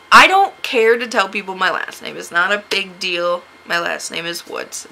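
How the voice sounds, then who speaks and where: A woman from the United States telling a story to camera in a casual vlog. She is sarcastic, laughs often and jumps to a high, shrill voice when she acts out her own replies. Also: expressive, moderate pace, creaky, hardly any pauses, sharp tone, a little hiss or hum, rough recording. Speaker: vlogger.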